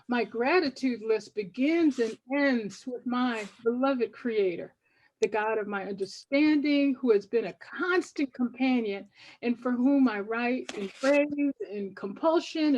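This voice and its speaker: A woman's voice: fairly high pitch, darkish tone, poor audio. An older woman, a poet, reading reflectively and devoutly from her book to an audience. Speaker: poet and author.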